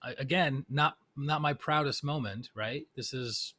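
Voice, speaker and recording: Man, middle-aged, spiritual teacher, storytelling talk, medium pitch, keeps asking "right?". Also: a little slow, pushed and bright.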